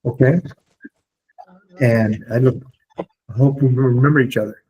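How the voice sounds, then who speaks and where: A man speaking casually to a support group on a video call, animated and often checking in with his listeners. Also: mid-range voice, a little slow, pauses often, slightly rough, low-quality recording. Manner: animated, repeatedly checks in with "okay?". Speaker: near-death experiencer sharing his story.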